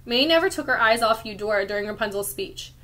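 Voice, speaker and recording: A woman, a teacher, reading a chapter book aloud to children in a friendly, clear storytelling manner. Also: on the high side, lively intonation, fast, a bit bright.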